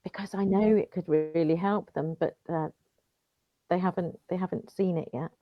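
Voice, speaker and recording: A woman's voice: lowish voice, fairly even intonation, moderate pace, no room sound, muffled recording, soft background music. A woman, a guest author, talking earnestly and often repeating her words. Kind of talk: interview chat.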